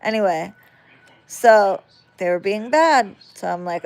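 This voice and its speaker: A woman recounting a story to her phone in a loose, casual vlog style, swearing freely and livening up as she retells it. Her voice is smooth and resonant, with a gravelly fry underneath. She takes her time with each line. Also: mid-range voice, expressive, takes it slowly, pauses often. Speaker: vlogger.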